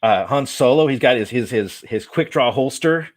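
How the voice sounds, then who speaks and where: A man's voice: mid-range voice, expressive, moderate pace. A man in a casual video chat, talking in an easygoing way and chuckling as he lists examples.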